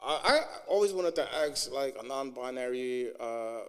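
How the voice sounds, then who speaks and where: A man's voice: medium pitch, animated, normal speed. A man co-hosting a casual podcast, asking questions in a laid-back, slangy way. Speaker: podcast co-host.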